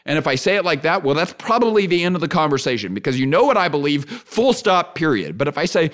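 A man's voice: fairly high pitch, brisk, few pauses. Earnest man hosting a solo podcast. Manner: earnest, repeats key phrases, frequent "right?" asides; lively when acting out examples, laughs easily. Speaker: podcast host.

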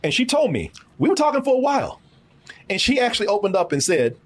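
Man, high voice, very lively intonation, animated storytelling, casual podcast chat. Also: quick pace. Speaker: podcast co-host.

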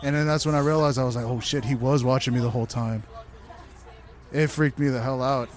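This man's mid-range voice moves fairly quickly as he chats casually. He relates wild nights in loose, profane, animated storytelling.

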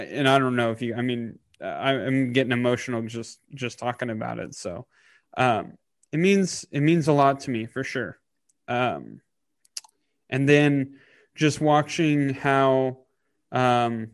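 A man in his thirties talking casually on a podcast, halting with many fillers and getting choked up. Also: mid-range voice, no echo, clean studio sound. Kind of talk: casual emotional podcast talk.

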